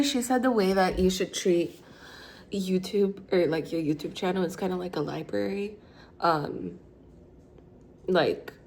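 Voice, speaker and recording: Hungover girl in her 20s rambling over morning coffee, gravelly fry, faint noise, phone mic held low. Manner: rambling, filler-heavy, self-correcting. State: tired and hungover, out of breath. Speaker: vlogger. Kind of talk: casual chat while making coffee.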